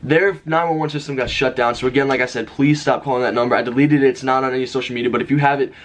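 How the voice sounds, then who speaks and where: A young man vlogger telling a story to camera in a casual, animated way. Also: medium pitch. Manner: fast, animated storytelling with shouted name calls.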